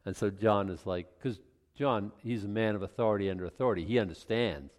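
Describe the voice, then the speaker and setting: A man with a lowish voice speaks a little fast, giving informal, conversational verse-by-verse Bible teaching. He often restarts sentences and adds asides, and the recording carries a long hall reverb.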